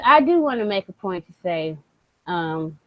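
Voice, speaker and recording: A young woman co-hosting a casual podcast chat, animated, laughing often and swearing freely. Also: lowish voice, moderate pace, no echo, dull audio. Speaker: podcast co-host.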